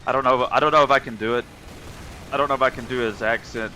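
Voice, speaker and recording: A man's voice: medium pitch, steady tone, fast talker, pushed and bright, a little hiss or hum. Chatty young man streaming a game. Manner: chatty, reads and answers live chat. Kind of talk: casual chat while gaming.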